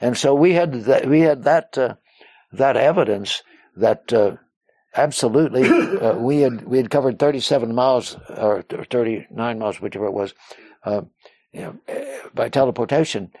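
A man with a mellow, warm voice tells a personal story in an interview, circling back with restarts and "uh"s. He slips into the voices of other people as he quotes them. The sound is close and dry, with no room around it. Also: medium pitch, animated, normal speed, no echo. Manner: rambling, with frequent restarts and "uh" fillers. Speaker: interview guest.

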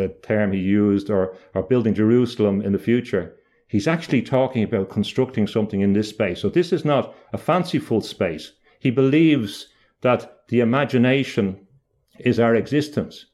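A man's voice: fairly low pitch, darkish tone. A middle-aged man speaking about mystical ideas in a thoughtful, lecture-like way, often restarting and repeating words.

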